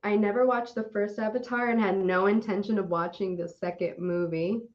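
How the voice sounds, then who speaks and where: A young adult woman co-hosting a podcast in casual chat, animated and swearing often as she rants. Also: mid-range voice, moderate pace. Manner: animated, swears often, laughs while ranting. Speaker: podcast co-host. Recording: dull lo-fi audio.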